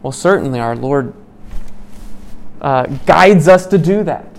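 A man leading a small Bible study group. He reads scripture aloud, then explains it in a loose, conversational way, asking "right?" often and pausing with "um.". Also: a little high, expressive, creaky. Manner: many "um"s and restarts while explaining.

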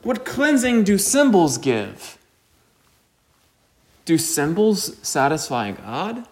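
A man preaching a sermon, slow and deliberate, with emphatic rises on key points. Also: high voice, huge pitch swings. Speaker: pastor.

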